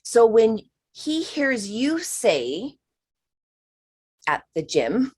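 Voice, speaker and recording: A woman's voice: on the high side, sing-song, very slow, a little mellow, slightly rough. A woman giving a spiritual healing reading on a live stream, talking frankly and emphatically, swearing now and then and calling the listener honey.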